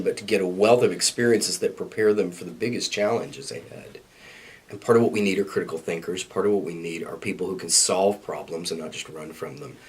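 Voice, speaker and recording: A middle-aged man with a husky, sick-sounding voice, answering interview questions in an office, earnest and reflective with self-deprecating humor. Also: lowish voice. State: sick, hoarse. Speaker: university staff interviewee. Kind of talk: recorded interview.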